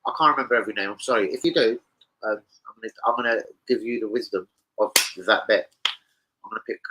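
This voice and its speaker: A man rambling casually to camera as a football betting vlogger, sweary and excitable. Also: on the low side, a little fast, background noise.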